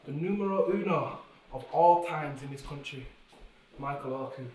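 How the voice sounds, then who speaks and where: A man's voice: on the high side, normal speed, darkish tone, slight background noise. A young adult man, a pro wrestler, cutting a brash and boastful backstage promo with plenty of trash talk. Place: backstage hallway at a wrestling show. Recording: roomy hallway audio from far off.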